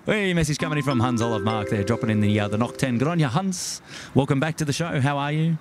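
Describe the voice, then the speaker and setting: A man's voice: mid-range voice, animated, quick pace, music in the background. Chatty Australian man hosting outdoors. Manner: chatty, greets viewers by name, frequent fillers. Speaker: live stream host. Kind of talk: casual live stream chat. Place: outdoors at night by a waterfront jetty.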